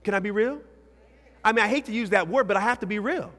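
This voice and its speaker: A man preaching a lively sermon to young people as a youth pastor, swinging between shouts and hushed asides. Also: high-pitched, fast talker. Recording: hall reverb.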